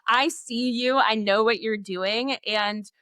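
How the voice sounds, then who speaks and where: A woman educator in an interview, telling classroom stories in an animated way, acting out students and laughing often. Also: fairly high pitch, slow, clean tone, no echo, studio quality. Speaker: guest, literacy educator. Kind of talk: conversational interview.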